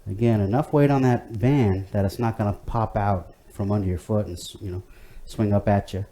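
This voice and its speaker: A man's voice: lowish voice, fairly even intonation, moderate pace, mellow. A man leading a home workout class, talking in an easygoing, chatty way with many fillers and restarts. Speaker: fitness instructor. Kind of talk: guided workout instruction.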